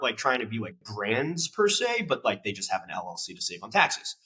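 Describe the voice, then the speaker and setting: A man's voice: fairly low pitch, big pitch swings, a little fast, few pauses, sharp tone, poor audio. A man in his twenties, a podcast guest, telling his story casually and acting out quoted dialogue with plenty of swearing.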